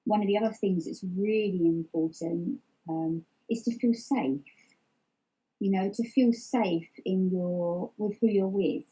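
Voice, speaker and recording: A middle-aged woman is a guest in an open personal interview, speaking candidly and reflectively, often restarting sentences and using many fillers. Her mid-range voice is warm and slightly rough, delivered at a measured pace. The audio quality is poor.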